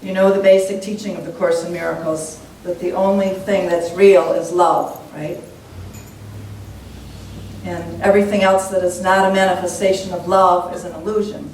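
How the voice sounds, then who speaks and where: A woman's voice: flat delivery, moderate pace, darkish tone. A woman minister giving a sermon in a church, earnest and reflective in how she teaches. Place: church sanctuary. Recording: echoey church hall, mic at a distance, faint rumble.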